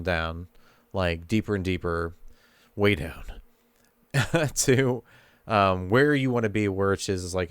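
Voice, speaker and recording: A man's voice: on the low side, clear, resonant tone, no echo. A man hosting a podcast, talking casually and thinking aloud about his fiction writing. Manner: relaxed, thinking aloud, easygoing. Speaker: podcast host and fiction writer.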